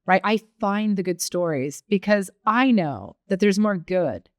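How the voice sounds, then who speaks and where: A woman's voice: medium pitch, expressive, measured pace, no room sound. Effusive woman hosting a podcast, dry studio. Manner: effusive, casual, enthusiastic. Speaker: podcast host, chef. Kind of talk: casual conversational interview.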